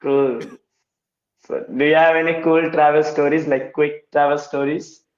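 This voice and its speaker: A man's voice: fairly high pitch, flat delivery, measured pace. A man, a student asking short questions on a video call. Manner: short prompts, asks questions, brief laughs. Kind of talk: casual video-call conversation. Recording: roomy, dull lo-fi, crowd behind.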